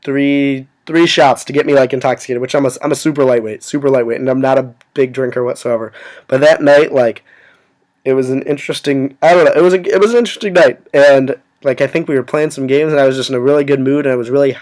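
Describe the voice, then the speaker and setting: A young man casually telling a story to his viewers, rambling and filling every pause with "like". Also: mid-range voice, steady tone, darkish tone. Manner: rambling, full of "like" fillers. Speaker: vlogger.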